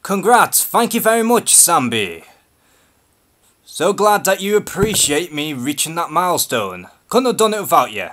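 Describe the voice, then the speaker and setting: Speaking in a fairly high, sing-song, slightly bright voice at an unhurried pace, a Scouse man from Liverpool hosts a live-stream Q&A on his YouTube channel. He comes across as nervous, hesitant and unscripted.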